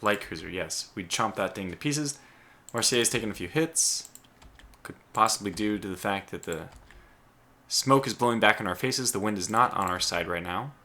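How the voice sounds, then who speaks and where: A man's voice: fairly low pitch, animated, normal speed, sharp tone. A man doing gameplay commentary, thinking aloud with stumbling restarts and sudden exclamations, keyboard clicks behind him. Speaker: let's play host.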